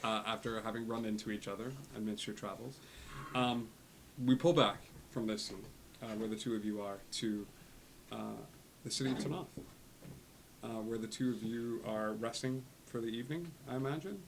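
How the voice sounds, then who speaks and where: A man narrating a tabletop game as game master, slowly and with many fillers. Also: medium pitch, noisy background.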